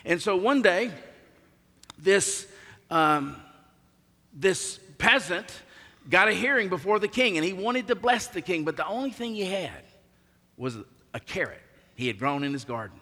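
A man's voice: high voice, expressive, measured pace, long pauses, sharp tone. A man preaching a sermon as pastor, emphatic, his voice swelling and dropping in volume. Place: church sanctuary. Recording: long hall reverb.

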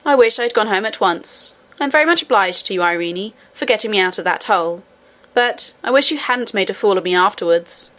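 A woman's voice: mid-range voice, lively intonation, a little fast, hardly any pauses, a bit bright, natural voice. A woman reading aloud, voicing a boy who speaks bluntly and rudely. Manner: blunt, rude. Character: boy miner, blunt and disbelieving.

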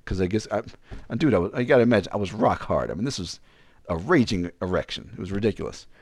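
A man's voice: on the low side, fast, no room sound. A man casually telling a frank personal story, rambling and acting out the dialogue. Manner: frank, rambling, animated retelling with quoted dialogue.

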